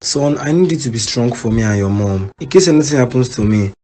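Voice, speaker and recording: A man's voice: mid-range voice, animated, fairly quick, mellow, close to an everyday voice. An actor playing an injured, remorseful middle-aged father pleading from a hospital bed. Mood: tender. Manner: weak, pleading.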